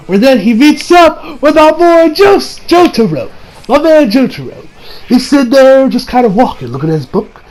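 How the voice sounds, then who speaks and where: A man's voice: very high-pitched, a little mellow, low-quality recording. A young man casually recapping an anime episode, rambling and playful, laughing as he retells scenes.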